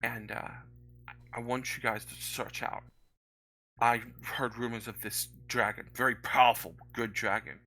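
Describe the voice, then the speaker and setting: A man voicing Maxine, a worried middle-aged woman at an inn who speaks in a soft, earnest way. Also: mid-range voice, level tone, normal speed, poor audio.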